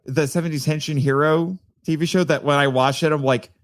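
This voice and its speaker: A man chatting as a podcast guest, animated and quick to laugh, often stumbling and restarting his words. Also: a little high. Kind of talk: casual chat.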